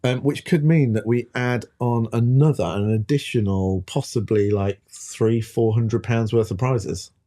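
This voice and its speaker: A man's voice: mid-range voice, steady tone, unhurried, hardly any pauses, mellow. A man co-hosting a live stream in a casual, joking, self-mocking manner. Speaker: co-host.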